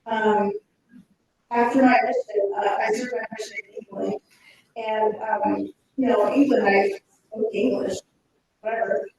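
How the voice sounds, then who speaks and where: A woman giving an earnest, reminiscing personal eulogy at a funeral, pausing often with fillers as she speaks from a pulpit. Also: fairly high pitch, steady tone, darkish tone, far from the mic. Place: church chapel. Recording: very echoey chapel, speaker off-mic.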